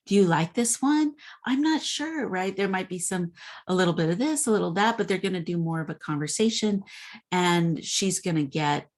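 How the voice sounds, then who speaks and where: A woman instructor giving an informal lecture in a conversational way, with frequent fillers. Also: deep voice.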